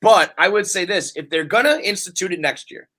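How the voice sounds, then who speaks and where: A male podcast host in loose, rambling conversation, animated and quick to swear. His voice is bright and ringing, a little higher than most men's. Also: a little hiss or hum. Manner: animated, profane, riffing. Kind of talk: casual sports chat.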